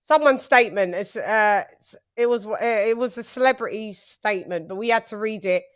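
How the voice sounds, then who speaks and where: A woman hosting a casual chat, telling lively stories and acting out what people said. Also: medium pitch, normal speed. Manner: animated, storytelling with quoted voices. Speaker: host.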